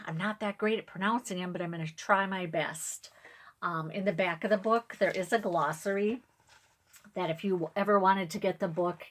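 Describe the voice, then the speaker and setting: A woman reading a picture book aloud to viewers on camera, gently, pausing for asides to her audience. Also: on the low side.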